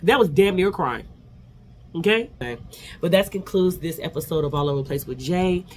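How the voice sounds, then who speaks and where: A man hosting a vlog, giving an animated, sassy casual recap of a reality TV episode. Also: fairly high pitch, brisk, slight background noise. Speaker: vlog host.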